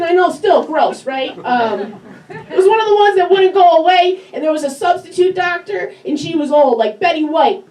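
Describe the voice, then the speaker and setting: A woman comedian with a high, cartoonish voice, telling self-mocking stories in a stand-up set. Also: normal speed, a little mellow. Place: comedy club stage with a live audience. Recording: echoey club recorded from a distance, crowd laughing.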